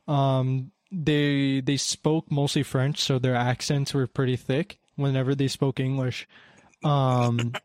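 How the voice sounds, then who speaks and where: A man's voice: medium pitch, darkish tone, no echo, studio quality. Rambling young man, casual chat. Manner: rambling, heavy with fillers.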